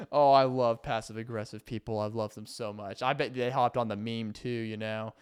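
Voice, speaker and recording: A man's voice: medium pitch, steady tone, normal speed, few pauses, smooth. A young man vlogging a rambling comedic monologue, full of fillers and restarts. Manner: rambling, filler-heavy, self-interrupting.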